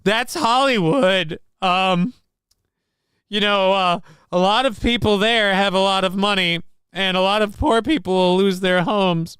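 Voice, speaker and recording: Angry ranting podcast host, dry and clear. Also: male voice, high voice, steady tone, a little slow, a bit bright, no echo. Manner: angry, profane, sarcastic ranting. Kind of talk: heated political rant.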